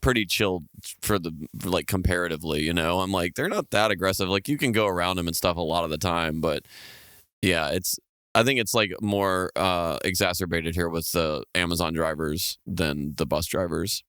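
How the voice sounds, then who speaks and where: A man's voice: low-pitched, moderate pace, a bit bright, smooth, no room sound, clean studio sound. A man co-hosting a podcast, telling stories in a laid-back way and laughing often. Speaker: podcast co-host. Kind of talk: casual podcast chat.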